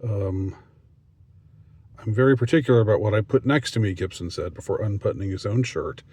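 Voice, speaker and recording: A man reading a news story aloud and commenting on it, halting with many restarts and mocking asides. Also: on the low side, warm tone, no echo.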